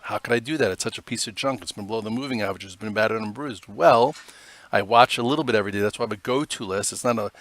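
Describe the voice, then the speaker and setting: A man's voice: fairly low pitch, very fast, fairly bright tone, no echo. A man hosting a live stock trading show, giving casual, rambling commentary on charts with many fillers.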